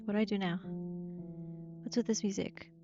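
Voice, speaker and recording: A woman's voice: medium pitch, steady tone, normal speed, highs cut off, over music. A young woman giving playful, incredulous commentary while she plays a game. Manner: reactive, playful, incredulous asides. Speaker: gaming streamer. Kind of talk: let's play commentary.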